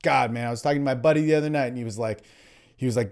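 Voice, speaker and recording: A man hosting a solo podcast, talking candidly and profanely, swinging between emphatic bursts and low muttering, and often calling the listener "man.". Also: racing, darkish tone. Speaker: podcast host and dating coach.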